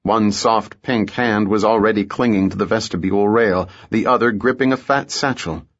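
Guy reading an audiobook, lowish voice, steady pace, kinda muffled audio. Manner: measured, steady storytelling. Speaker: audiobook narrator. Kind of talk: scripted narration.

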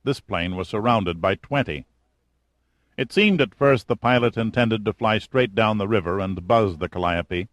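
Guy reading a thriller audiobook, low voice, dry close studio sound. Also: no echo. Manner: steady, measured storytelling. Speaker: narrator. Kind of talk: audiobook narration.

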